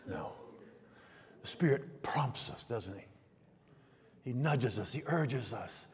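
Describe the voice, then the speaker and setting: A middle-aged man preaching a sermon, animated, swinging between hushed and emphatic delivery. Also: medium pitch, slow pace. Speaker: pastor. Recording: long hall reverb.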